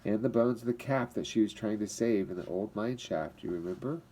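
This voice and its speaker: A strong, gentle man speaks slowly and calmly, as a storybook narrator voices him. His voice is low, dark and mellow. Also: lightly acted, low-quality recording.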